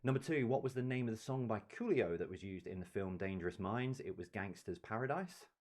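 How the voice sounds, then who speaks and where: A man's voice: fairly low pitch, animated, fairly quick, a little mellow. A man hosting a live-streamed quiz, reading each question and its answer with offhand chatty asides. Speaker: quiz host.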